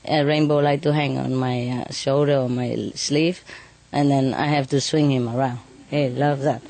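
A woman's voice: a bass voice, fairly even intonation, normal speed, gravelly, darkish tone, no echo. A woman telling stories about her birds in a casual interview, chatty, laughing often and tagging lines with "you know". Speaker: bird keeper telling stories.

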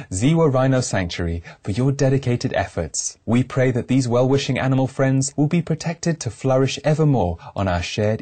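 A man presenting scripted good-news reports in a gentle, earnest way. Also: mid-range voice, breathy edge. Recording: music underneath.

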